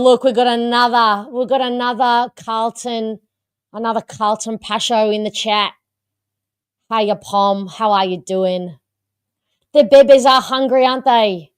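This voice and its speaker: A woman runs a live fan call-in stream with a slightly high, playful voice. She teases her guests and laughs easily. The sound is dry and close. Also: level tone, unhurried, clear, resonant tone, no room sound. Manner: chatty, teasing, laughs often. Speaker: host of live fan show. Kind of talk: live-stream casual chat.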